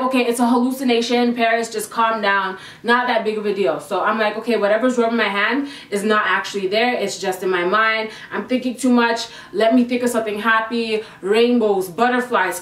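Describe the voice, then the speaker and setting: A young woman from Canada recounts something frightening in an animated, breathless vlog voice, pitched a bit high. Her voice sits a little back from the mic, and the room adds a noticeable echo. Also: recorded from a distance. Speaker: vlogger. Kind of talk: casual storytelling to camera. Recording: roomy sound, voice a little off-mic.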